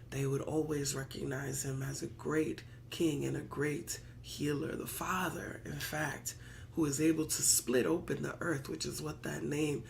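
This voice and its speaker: A woman's voice: low voice, gravelly, a little hiss or hum. A woman priestess leading a worship service, telling a sacred story in rhythmic, repetitive preaching. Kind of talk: storytelling sermon.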